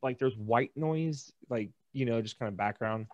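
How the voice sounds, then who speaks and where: A man co-hosting a casual podcast, an animated storyteller who acts out the people in his stories. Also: mid-range voice, moderate pace, no echo, dull audio. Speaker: podcast co-host. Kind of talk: casual chat.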